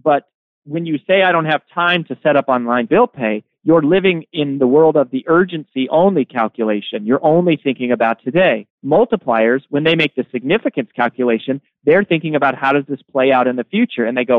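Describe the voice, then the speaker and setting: A man's voice: on the high side, lively intonation, fairly quick, no room sound. A man, an author and guest, explaining his ideas in an interview and telling stories with energy, often repeating words as he starts. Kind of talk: interview answers. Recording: phone-like remote line.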